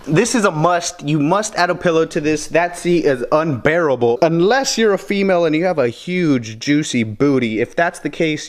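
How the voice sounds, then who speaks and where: A man giving a casual, blunt product review with joking asides. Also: a little high. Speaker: vlogger reviewing gear.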